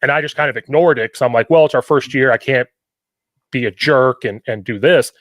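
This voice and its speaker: Animated host telling coaching stories. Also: male voice, medium pitch, a little fast, no echo. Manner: animated storytelling, quoting himself, repetitive questions. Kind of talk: casual podcast conversation.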